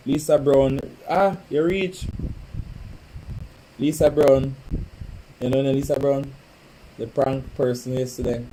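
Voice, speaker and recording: A man hosts a home live stream in a relaxed, chatty way, joking and calling viewers by name. His voice sits at a middle pitch with a warm, mellow tone. Faint noise hums in the background. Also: slow, pauses often, rough recording. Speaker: livestream host. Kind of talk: casual live-stream chat. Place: home, indoors.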